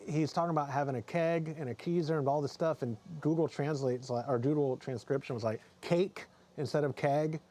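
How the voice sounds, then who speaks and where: A man's voice: mid-range voice, steady tone, brisk, hardly any pauses, dark tone. A man hosting a casual podcast chat, talking in a rambling, self-correcting, jokey way, with a mild speech impediment. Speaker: podcast host.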